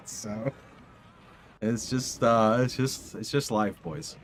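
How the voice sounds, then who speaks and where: A young man streaming from his home setup, telling a rambling, animated story to his live chat and swearing casually into a studio mic. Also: lowish voice, slow, slight background noise. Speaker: video game streamer. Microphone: condenser studio mic.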